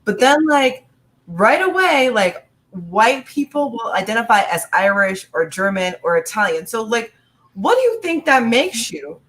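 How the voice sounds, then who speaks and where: A woman's voice: fairly high pitch, big pitch swings, unhurried, fairly bright tone. A woman panelist reflecting aloud in an online discussion, with lots of "like" and pointed rhetorical questions. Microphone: video call.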